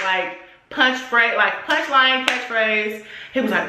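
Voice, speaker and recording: A young adult woman vlogger telling a story casually, in animated, slangy, profane speech. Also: on the high side, normal speed, noisy background. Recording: echoey room.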